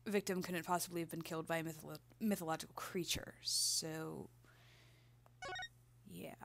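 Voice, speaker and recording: A woman hosting a video game playthrough, chatting casually and trailing into asides. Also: lowish voice. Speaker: let's play host.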